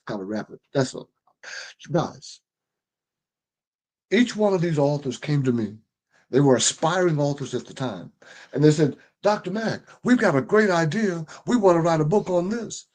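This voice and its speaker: A man's voice: mid-range voice, a little mellow. A middle-aged man, a book publisher and strategist, giving a motivational livestream talk in an emphatic, preachy way, repeating key phrases and often restarting his sentences. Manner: frequent restarts and stumbles.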